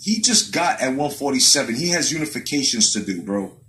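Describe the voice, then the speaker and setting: A man hosting a live boxing stream in a heated, swear-laden rant. His pitch sits in the middle range for a man, and he circles back over and over to drive each point home. He sounds like he is talking straight into a webcam mic. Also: big pitch swings, a little fast, a bit bright, low-quality recording. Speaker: boxing commentary host.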